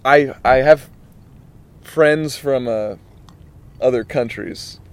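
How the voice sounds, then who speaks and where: A young man hosting a casual podcast, speaking in a middle-range voice. His talk is relaxed and loose, with restarts and "man" tossed in at the ends of his sentences. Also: medium pitch, takes it slowly, slight background noise. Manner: laid-back, rambling, says "man" a lot. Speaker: podcast host.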